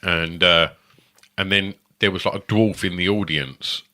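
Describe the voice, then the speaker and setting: A man in his fifties, co-hosting a comedy podcast with bawdy quips and loud laughs. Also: low voice, steady tone, unhurried. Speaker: podcast co-host. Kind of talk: casual chat.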